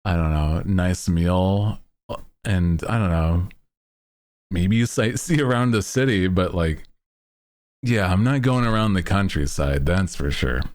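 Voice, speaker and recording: A man's voice: low-pitched, takes it slowly. A man streaming, chatting casually to his chat in a laid-back, rambling way with lots of fillers. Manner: bursts into loud laughter.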